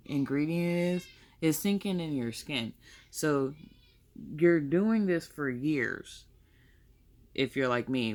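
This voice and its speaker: A woman's voice: sits low, creaky. A young woman chatting casually through her makeup tutorial, rambling and correcting herself as she goes. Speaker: makeup vlogger.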